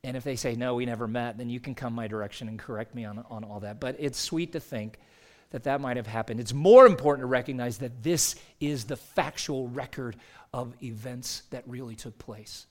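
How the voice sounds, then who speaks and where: A man preaching a sermon as pastor in a church, earnest and measured, slowing down for emphasis. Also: medium pitch. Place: church sanctuary.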